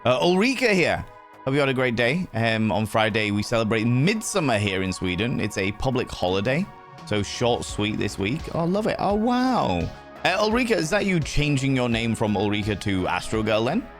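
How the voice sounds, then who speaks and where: A man hosting a livestream, chatting to viewers in a playful, effusive way, with sudden jumps in pitch and some swearing. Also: big pitch swings, moderate pace. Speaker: livestream host. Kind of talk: casual chat reading viewer messages. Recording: faint music behind.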